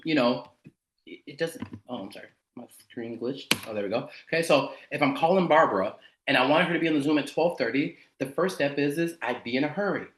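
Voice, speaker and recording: A man leading a sales team training over a video call, energetic and slangy. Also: on the high side, echoey room.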